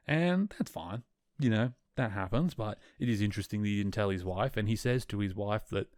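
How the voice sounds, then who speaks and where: A man's voice: fairly low pitch, a little fast, darkish tone, no room sound, studio quality. A man hosting a podcast, casually recapping a TV episode and retelling scenes with quoted lines. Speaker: podcast host.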